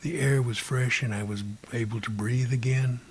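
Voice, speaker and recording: A man telling his own ghost story in an unhurried way, sometimes dropping to a whisper and imitating beeping sounds. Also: mid-range voice, steady tone, a little hiss or hum. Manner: drops to a hushed whisper at times. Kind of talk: personal ghost story told aloud.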